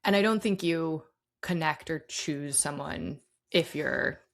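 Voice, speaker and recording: A woman's voice: sits low, slow, vocal fry. A woman co-hosting a sports podcast, talking casually with lots of fillers. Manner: chatty, many "like" fillers. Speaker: podcast co-host.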